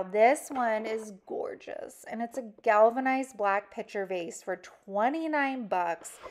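A young woman in a relaxed, unhurried DIY craft voice-over, talking to her viewers like friends. Her voice sits at an ordinary middle pitch and she takes her time over every step. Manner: chatty, addresses viewers directly. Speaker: DIY craft channel host. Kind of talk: casual craft tutorial voice-over.

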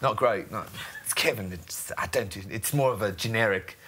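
A man hosting a cricket chat show, teasing and bantering in quick jokes. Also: on the low side, sharp tone, slight background noise. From England. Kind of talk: casual chat.

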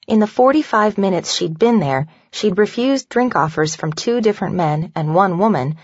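A woman narrating a novel in an even, measured storytelling voice. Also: on the low side, dry recording. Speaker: audiobook narrator. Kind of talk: scripted narration. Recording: dull lo-fi dry recording.

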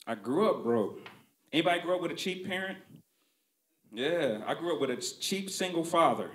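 Animated male stand-up comic. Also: on the high side, normal speed, reverberant. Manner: conversational, punchy, profane. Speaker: stand-up comedian. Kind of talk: stand-up storytelling.

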